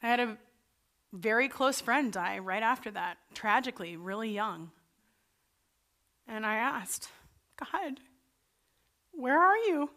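A woman's voice: mid-range voice, unhurried, pauses often, bright, forceful tone. A woman pastor preaching a sermon in an earnest, conversational way. Her voice climbs when she voices her own pleas and doubts. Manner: earnest and conversational, voice rising for quoted pleas to God.

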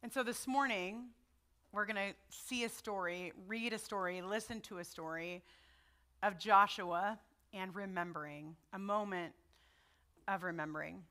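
Bright-voiced woman preaching conversationally. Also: medium pitch, measured pace. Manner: conversational and personal, checking in with the audience. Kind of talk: sermon.

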